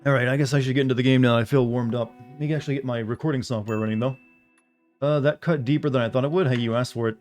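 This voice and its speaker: A man's voice: mid-range voice, steady tone, quick pace, darkish tone, faint music behind. A young man streaming a video game, chatting casually with viewers in a rambling way, full of filler words. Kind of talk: casual gameplay chat with viewers.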